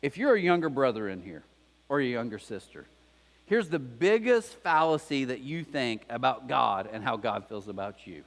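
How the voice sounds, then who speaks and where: A man preaching a sermon in a church, telling a story with lively acted-out voices. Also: high voice, big-room sound. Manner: animated storytelling, acts out voices of characters. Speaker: pastor. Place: church auditorium.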